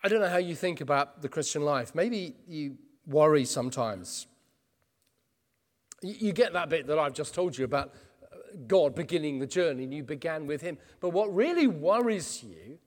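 A man's voice: a little high, expressive, a little slow. A man preaching an earnest expository sermon. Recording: long reverb in a church hall.

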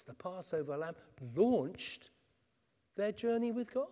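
A man's voice: high-pitched, warm tone. A man preaching an earnest expository sermon. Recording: long reverb in a church hall.

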